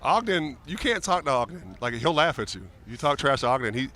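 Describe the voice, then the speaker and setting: A man in his forties, a retired football player, telling lively, joking stories as a guest in a casual interview. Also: mid-range voice, a little fast.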